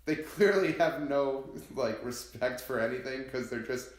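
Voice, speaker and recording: A man's voice: mid-range voice, a little slow. A man co-hosting a casual podcast, leading the segments with joking banter. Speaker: podcast co-host. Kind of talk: casual chat. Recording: roomy echo.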